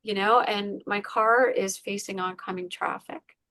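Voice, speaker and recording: A woman's voice: mid-range voice, steady tone, a little slow, bright, forceful tone, dry recording. A woman, a podcast guest, candidly retelling a painful personal story with many fillers. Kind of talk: emotional personal story in an interview.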